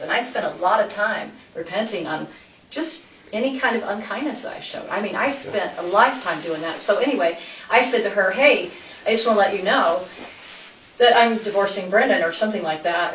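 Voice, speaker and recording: Recorded from a distance in an echoey interview room with light noise, a woman gives police her account of events. Her mid-range voice is a bit bright, and she rambles chattily, often veering off mid-story.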